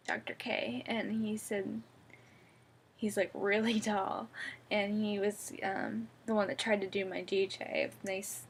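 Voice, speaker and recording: Young woman vlogger, groggy and drowsy, gravelly voice, chatty and rambling, casual video diary. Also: mid-range voice, a little hiss or hum. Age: young adult. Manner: rambling, chatty, giggly, soft-spoken. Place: at home, sitting up in bed.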